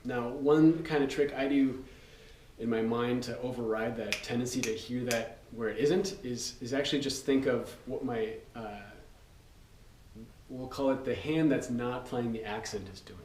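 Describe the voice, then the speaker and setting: A man's voice: medium pitch, normal speed. A man talking casually as a drum teacher, explaining rudiments in a loose way with fillers. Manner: relaxed, loose, with fillers and counting aloud. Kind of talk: casual instructional talk. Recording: roomy, distant mic, loud noise.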